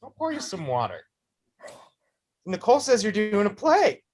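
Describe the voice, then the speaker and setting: A woman reading the part of a husband who speaks haltingly, bewildered at being served divorce papers. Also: medium pitch, huge pitch swings, darkish tone. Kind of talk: live script reading.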